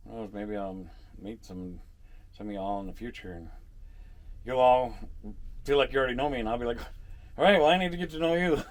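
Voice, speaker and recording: A man with a somewhat low voice talks to camera in a loose, rambling storytelling monologue. He jokes around and chuckles often as he goes. His delivery is casual and unscripted, like a vlogger chatting from a parking lot.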